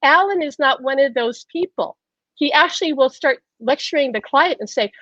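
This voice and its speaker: A woman hosting a show, telling a personal story in an animated way, laughing often and acting out conversations in quotes. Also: high-pitched, normal speed, dry recording, highs cut off. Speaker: host.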